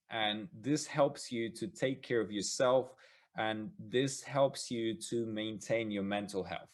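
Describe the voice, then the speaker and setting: A man hosting an interview podcast, asking questions in a halting way and praising his guest's answers. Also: fairly low pitch. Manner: encouraging, halting, many fillers and restarts. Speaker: podcast host.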